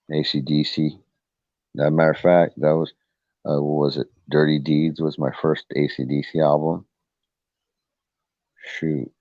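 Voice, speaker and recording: A man's voice: very deep voice, no room sound. A middle-aged man chatting on a livestream panel, telling rambling family stories and acting out what people said. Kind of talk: casual chat. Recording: dull dry lo-fi livestream audio.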